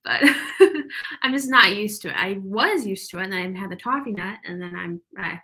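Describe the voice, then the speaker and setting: A woman's voice: medium pitch, normal speed, pushed and bright. A woman hosting a writing livestream, chatting casually and a little out of breath, with lots of laughs and "like". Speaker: livestream host of writing sprints. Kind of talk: casual chat reading live comments.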